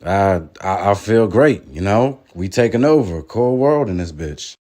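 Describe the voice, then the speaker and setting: Man putting on a sleepy dodgy rapper voice, low and mumbly, swinging up when he gets defensive. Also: lively intonation, a little slow, darkish tone. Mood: evasive. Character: laid-back male rapper, dazed and evasive. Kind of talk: comedy sketch impression.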